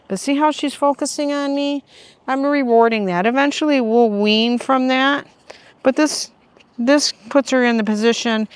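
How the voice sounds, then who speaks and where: A middle-aged woman walking outdoors, calmly explaining how she trains her puppy and breaking into high, sing-song praise calls to the dog. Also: clean tone. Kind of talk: casual training vlog narration. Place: outdoors on a neighborhood walk.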